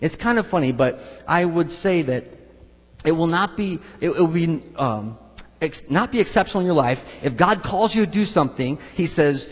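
A man with a slightly high, husky voice preaches a sermon in a church hall. His words ring out with a long reverb as he tells stories and acts out quoted voices with emphasis. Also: animated, a little fast. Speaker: pastor.

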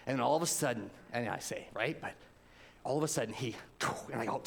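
A man preaching a sermon, telling personal stories in an animated way and swinging between loud and hushed delivery. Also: medium pitch, a little fast, creaky, slight background noise. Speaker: pastor.

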